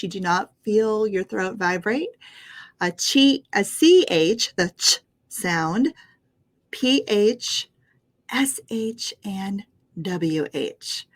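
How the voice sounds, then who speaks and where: An American woman teaching English pronunciation, patient and encouraging as she spells out sounds one by one. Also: mid-range voice. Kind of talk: online English lesson.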